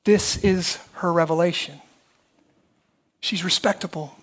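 A man with a high-pitched voice teaches a short story. He reads passages aloud with dramatic emphasis and swells in intensity. Between readings he explains in a plain lecturing tone. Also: a little slow. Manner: expressive, rising to dramatic emphasis.

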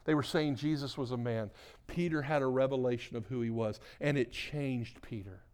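A male pastor delivering a sermon in a middle-pitched voice. He preaches with mounting emphasis, pushing his voice louder as he drives each point home. He often repeats words and restarts his sentences as he goes. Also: moderate pace, smooth. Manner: builds to loud emphatic preaching, then soft hushed prayer.

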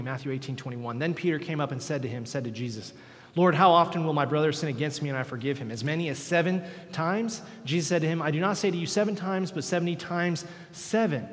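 A man preaching as a pastor, reading scripture and praying in an earnest, measured way with deliberate pauses. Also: fairly high pitch. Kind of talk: sermon with scripture reading and prayer. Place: church sanctuary. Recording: long hall reverb in a church.

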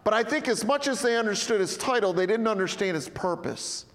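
A male pastor preaching a sermon in a church hall, animated and swinging between loud and hushed. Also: sits high, a little fast. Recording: echoey hall with long reverb.

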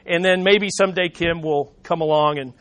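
Male pastor, high voice, passionate sermon, sudden hushed drops, playful asides. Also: steady tone, normal speed. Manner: passionate, rises and drops sharply for emphasis, asks the congregation questions.

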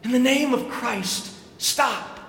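A man voicing a small, devout monk who keeps crying out for a fight to stop, slow and earnest. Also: very high-pitched, vocal fry, sharp tone, pitched above the performer's own voice, full character voice. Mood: pleading. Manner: slow, earnest repeated cry. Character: small devout male monk, pleading and unrelenting. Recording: echoey large hall.

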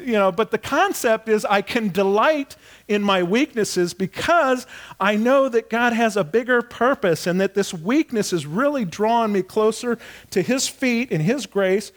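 A middle-aged male pastor giving a sermon, telling a personal story with animated delivery and acting out voices. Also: sits high.

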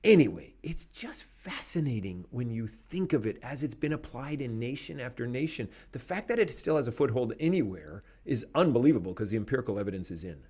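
A man hosting a podcast, speaking in an animated, emphatic way and laughing between points. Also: mid-range voice, fairly quick, hardly any pauses, slightly rough. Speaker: podcast host. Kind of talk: conversational commentary.

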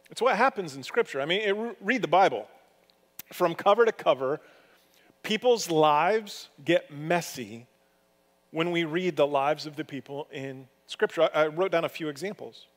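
A man preaching a sermon as pastor, telling stories in a conversational way with lively swings of pitch and loudness. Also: in a large hall.

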